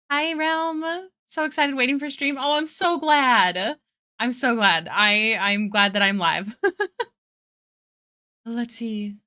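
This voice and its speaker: A woman's voice: fairly high pitch, bright, forceful tone. A young woman chatting casually on an art livestream from her apartment, a little out of breath, greeting viewers by name and laughing often. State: a bit out of breath. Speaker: art streamer. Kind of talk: casual livestream chat while drawing. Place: home apartment.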